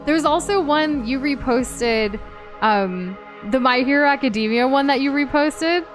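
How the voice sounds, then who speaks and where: A woman's voice: high voice, a little slow, soft background music. A woman co-hosting a gaming stream, chatting casually and greeting viewers, with lots of likes and ums and frequent giggles. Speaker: streamer co-host. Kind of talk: casual chat while gaming.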